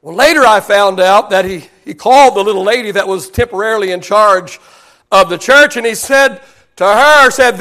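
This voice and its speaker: Oklahoma pastor guy telling a story in a sermon, bright sharp voice, stumbles and restarts a lot. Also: sits high, moderate pace. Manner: animated, self-deprecating storytelling with repeated restarts.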